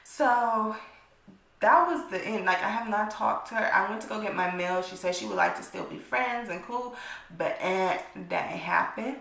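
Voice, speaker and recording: A young adult woman vlogger tells a blunt, profane storytime, acting out the people involved. Her voice is medium-pitched, creaky, and a bit bright, recorded in an echoey room.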